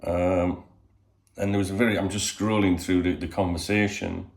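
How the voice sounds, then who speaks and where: Low and gravelly, the host's voice stays flat at a moderate pace as he talks to camera in an echoey room in his Spanish home. It's loose, rambling chatter peppered with swearing and "you know."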